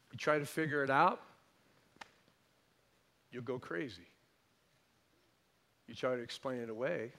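A male pastor delivers an emphatic sermon, repeating phrases and swinging from loud declarations to soft asides. His voice sits on the high side.

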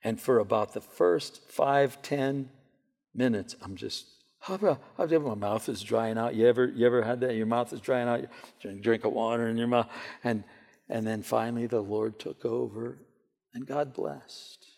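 A man preaching a sermon to a church gathering, telling stories in an animated way and often repeating his words as he goes. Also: medium pitch, moderate pace, creaky. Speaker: pastor. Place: church hall. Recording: long hall reverb.

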